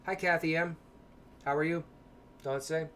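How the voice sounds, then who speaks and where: A man hosting a casual livestream, talking softly and hesitantly with frequent pauses and fillers, greeting chat viewers between stretches of explanation. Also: a little high, steady tone, a little hiss or hum. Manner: soft-spoken, hesitant with many ums. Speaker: paranormal livestream host.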